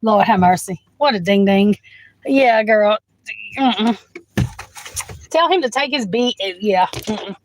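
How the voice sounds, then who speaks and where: A woman's voice: mid-range voice, lively intonation, slow, pauses often, slight background noise, rough recording. A woman doing a live tarot reading into her phone, chatting frankly, swearing and laughing often as she talks to the viewer. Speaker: tarot reader.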